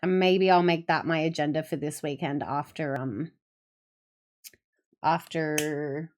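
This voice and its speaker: A woman's voice: deep voice, fairly even intonation, takes it slowly, darkish tone, slight background noise. A woman streamer chatting casually with her viewers, telling rambling stories with plenty of swearing. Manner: rambling, profane storytelling; reads and answers chat messages. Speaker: Twitch streamer.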